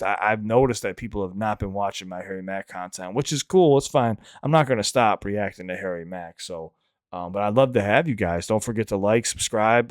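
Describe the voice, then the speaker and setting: Recorded cleanly in a studio with no room sound, this fairly low-pitched man has a clean tone. He runs a reaction channel and also raps, offering loose, frank remarks that wander, often start over, and include free cursing.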